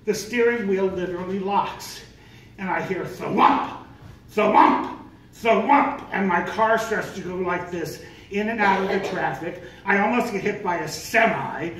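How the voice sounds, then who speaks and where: An older man telling a comic story live on stage, animated and self-mocking, acting out voices. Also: high voice, moderate pace. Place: live event venue on stage. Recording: echoey room, distant, noisy.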